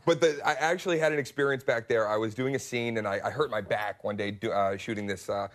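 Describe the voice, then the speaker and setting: A man's voice: on the low side, quick pace. A man in his thirties, a comedian guest, telling comic stories on a studio talk show and acting out the voices. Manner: animated storyteller, acts out voices, laughs often.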